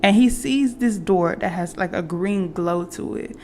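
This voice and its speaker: Woman with a gravelly, rambling recap voice. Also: fairly low pitch, a little slow, darkish tone, a little hiss or hum. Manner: rambling retelling with fillers and restarts; acts out quoted characters. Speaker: movie reaction vlogger. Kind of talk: casual movie recap.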